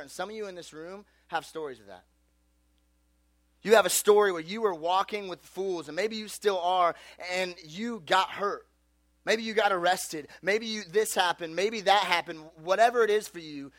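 A man giving a youth sermon, telling a story in a loose, animated way with lots of casual filler. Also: high-pitched, no echo. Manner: animated, casual, full of "like" and "dude". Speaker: youth pastor. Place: room with a live youth audience.

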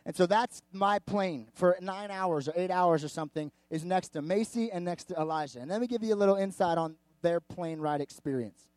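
A man's voice: sits high, brisk, few pauses, dry recording. A man who is a pastor, giving a sermon in a candid, chatty storytelling manner, full of asides and "like". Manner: animated, candid, chatty with frequent "like". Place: church service before a live audience.

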